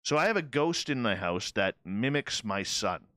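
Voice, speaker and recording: A man hosting a radio panel show, telling a story in a casual, animated way and playing out both sides of a conversation. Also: fairly low pitch, moderate pace, dry recording.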